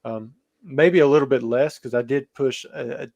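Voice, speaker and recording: A man speaking in a mid-pitched voice as a guest on a podcast. He rambles and hedges, filling his answers with "like" and "you know". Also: normal speed, creaky, a little mellow. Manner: rambling, hedging with many fillers. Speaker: podcast guest, card seller. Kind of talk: podcast interview.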